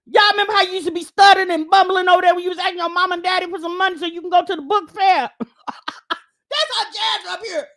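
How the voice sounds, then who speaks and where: A woman doing loud, teasing comedic banter on a live stream and mimicking stammering. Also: very high-pitched, fairly even intonation, fast. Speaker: livestream commentator.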